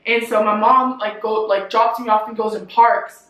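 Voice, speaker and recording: A woman's voice: a little high, fairly even intonation, normal speed, fairly bright tone. Chatty young woman in an echoey room. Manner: chatty, fillers every few words. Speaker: vlogger. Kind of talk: casual personal storytelling. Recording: roomy echo with faint ambience.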